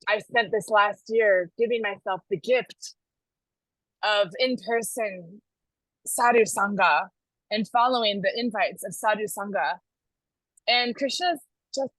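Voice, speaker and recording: Chatty bright-voiced American woman. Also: a little high, no room sound, rough recording. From United States. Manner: chatty, laughing often, self-correcting. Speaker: visiting devotee sharing news. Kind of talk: casual devotional sharing.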